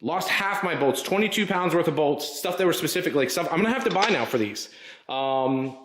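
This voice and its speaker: A man's voice: on the high side, expressive, brisk, fairly bright tone. A man hosting a casual garage vlog, rambling and frustrated as he works on his car. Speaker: car builder and channel host. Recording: roomy garage echo.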